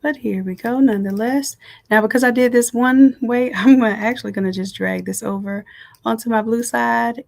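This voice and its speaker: In a gravelly voice of medium pitch, a female design instructor leads a live software tutorial from her home, keeping it casual and chatty as she speaks directly to viewers.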